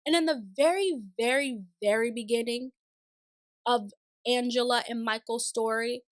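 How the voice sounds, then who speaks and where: A woman's voice: on the high side, lively intonation, unhurried, fairly bright tone, no echo, studio quality. A young woman recapping a reality show in casual, sassy commentary with exasperated, opinionated asides.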